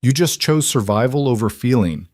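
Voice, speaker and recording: A man voicing a calm single father who talks in a reassuring, practical way. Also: medium pitch, moderate pace, dry recording, clean studio sound, pitched above the performer's own voice, close to an everyday voice. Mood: gentle.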